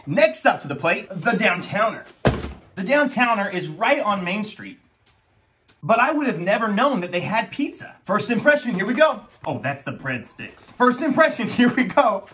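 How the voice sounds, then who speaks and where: A man's voice: high voice, very animated, normal speed, a bit bright, slight background noise. A young man hosting a food review vlog, joking and making theatrical announcements between bites. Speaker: food vlogger. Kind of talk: upbeat pizza review vlog.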